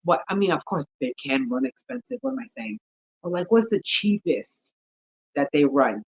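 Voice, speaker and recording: A woman's voice: lowish voice, big pitch swings, normal speed, gravelly, slightly rough, dull audio. A woman vlogging about gardening in a casual, rambling chat, thinking aloud and yawning often. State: sleepy, yawning.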